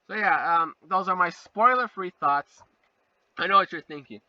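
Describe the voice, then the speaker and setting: Young male reviewer, high and lively, very bright and sharp tone, sarcastic comic delivery, muffled and slightly off-mic. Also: brisk, no room sound, distant mic. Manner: animated, sarcastic, jumps into silly voices. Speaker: video reviewer. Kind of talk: comedic fake review monologue.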